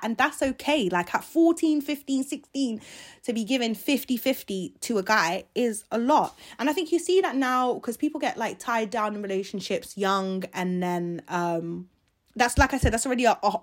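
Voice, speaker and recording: Young woman, podcast host, higher-pitched, chatty and rambling. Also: normal speed. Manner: chatty, rambling, leaves sentences unfinished. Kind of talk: casual solo podcast chat.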